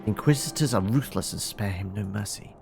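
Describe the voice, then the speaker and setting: A man's voice: lowish voice, a little fast, vocal fry, a little mellow, faint music behind. A man playing a secretive, loyal knight. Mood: urgent.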